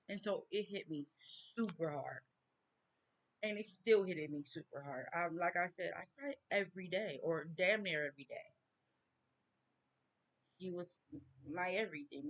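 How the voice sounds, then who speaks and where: Woman, vlog rant, slow and halting, close to crying. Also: lowish voice, a bit bright. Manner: slow, halting, tearful grief. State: near tears. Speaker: vlogger. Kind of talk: personal rant to camera.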